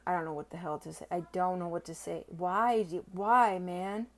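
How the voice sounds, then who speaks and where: A young woman vlogging a casual unboxing, gushing and excitable, stammering and swearing when she is overwhelmed. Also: fairly low pitch, moderate pace. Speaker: silver-stacking vlogger.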